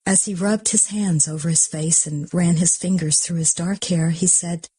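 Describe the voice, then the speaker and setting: A woman reads an audiobook in a husky, breathy voice, dropping often into a half-whisper. Her tone is mellow and low-pitched, and the sound is dry and close. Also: steady tone, normal speed, no room sound. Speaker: audiobook narrator. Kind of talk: audiobook reading.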